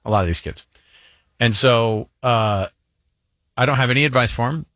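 A man's voice: mid-range voice, normal speed, dry recording, clean studio sound. A man in his forties co-hosting a radio show, telling rambling stories in casual chat and acting out other people's voices. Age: 40s. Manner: rambling, animated storyteller who acts out voices.

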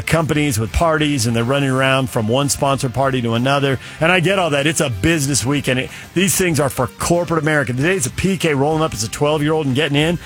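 Middle-aged male sports talk host, slightly high voice, chatty storyteller, faint music bed. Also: fairly bright tone. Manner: rambling, opinionated, storytelling. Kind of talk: casual sports talk monologue.

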